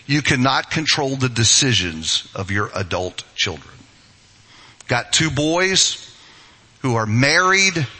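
Middle-aged male pastor, sermon, piercing bright tone, a bit husky; emphatic, punches key words. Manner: emphatic, rising to forceful high-pitched stresses.

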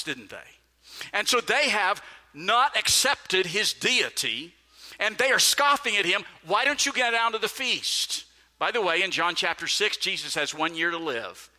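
High, bright preacher in a reverberant hall. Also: male voice. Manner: emphatic, animated delivery with sudden drops in pitch and volume. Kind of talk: sermon. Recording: long reverb of a large hall.

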